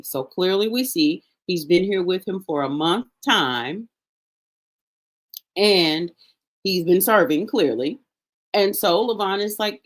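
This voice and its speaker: A woman with a low, deep speaking voice leads a casual scripture study. She reads passages aloud and then explains the Hebrew names slowly, often restarting her sentences and going off on small asides. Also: expressive. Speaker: Bible study teacher. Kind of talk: casual Bible reading and teaching.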